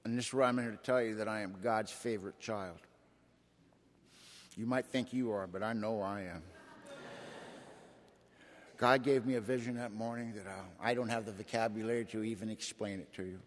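A man's voice: fairly low pitch, steady tone, moderate pace, long pauses. A man giving a dramatic, folksy recovery testimony to a meeting. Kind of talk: personal testimony storytelling. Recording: long hall reverb.

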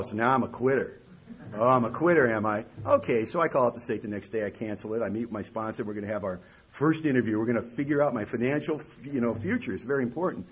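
A middle-aged man telling a self-mocking story to an audience, wry and lively, with a husky voice. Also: fairly low pitch, rough recording. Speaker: recovery speaker.

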